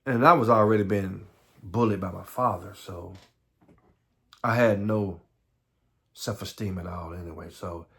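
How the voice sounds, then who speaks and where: A man from the Southern United States telling his own life story, halting and earnest, often repeating words and close to tears. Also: deep voice, fairly bright tone. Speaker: vlogger.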